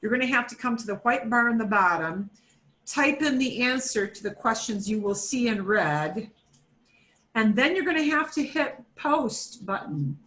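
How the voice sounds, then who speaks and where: A woman's voice: on the high side, expressive, moderate pace, fairly bright tone. A woman teaching a beginner Spanish class over a video call, chatty and repetitive, with fillers and self-corrections, switching between English and Spanish. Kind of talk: online class instruction.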